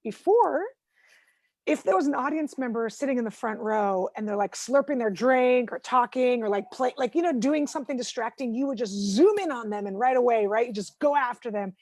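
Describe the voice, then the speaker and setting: A woman's voice: fairly high pitch, expressive, fairly quick, darkish tone, dry recording. A woman stand-up comedian doing a rambling, self-mocking routine over a video call from home, full of "like"s.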